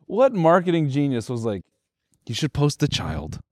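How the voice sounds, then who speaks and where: A man in a casual podcast chat, telling deadpan dark jokes and dropping low and quiet for asides. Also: moderate pace, dry recording, clean studio sound.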